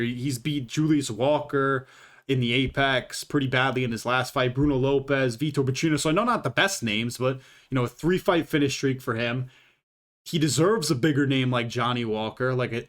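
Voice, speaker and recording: A man giving casual, rambling commentary, swearing freely and filling his talk with "uh" and "like". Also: mid-range voice. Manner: profane and rambling, with many fillers. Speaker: YouTube fight commentator.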